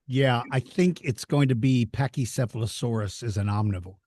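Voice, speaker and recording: A man telling lively stories as an interview guest, laughing easily and acting out excited children. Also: medium pitch, moderate pace, no echo, studio quality. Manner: animated storyteller, laughs easily, voices excited kids. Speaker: interview guest, dinosaur educator. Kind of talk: storytelling in a casual interview.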